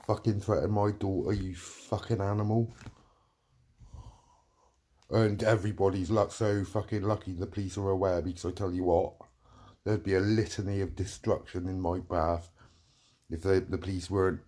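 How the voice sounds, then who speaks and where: A man's voice: sits low, little pitch movement, normal speed, darkish tone. A middle-aged man delivering a heated, profane rant, repeating himself as he vents. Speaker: vlogger. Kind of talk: angry ranting monologue.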